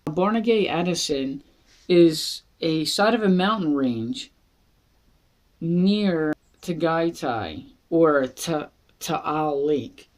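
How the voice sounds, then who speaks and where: An unhurried, easygoing voice from Philadelphia walks through a casual wine review. The reviewer chats and jokes along the way, taking plenty of time between thoughts. The pitch sits in a middle range for the speaker. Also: expressive. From Philadelphia, USA. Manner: chatty, jokey, self-deprecating, with laughs. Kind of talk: casual product review vlog.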